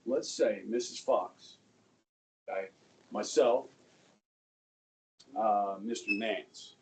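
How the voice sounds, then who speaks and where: A middle-aged male high school history teacher telling a story to his class, checking in with "okay?" and acting out the people in it. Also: very slow. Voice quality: conversational, acts out quoted voices, asks "okay?" often. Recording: distant mic in a classroom, faint room noise.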